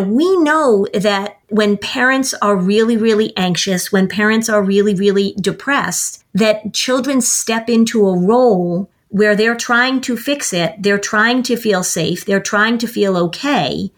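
A woman guest on a podcast explaining parenting advice, acting out little example dialogues as she talks. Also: medium pitch. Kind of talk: casual chat.

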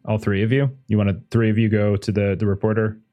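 A man narrating as game master of a tabletop game in a relaxed way, with plenty of fillers. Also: lowish voice, quick pace.

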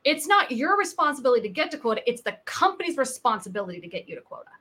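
A woman's voice: high voice, very fast. A woman in her thirties, a sales coach telling stories in a podcast interview. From United States. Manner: animated, acts out quoted people in her stories. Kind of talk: conversational interview storytelling.

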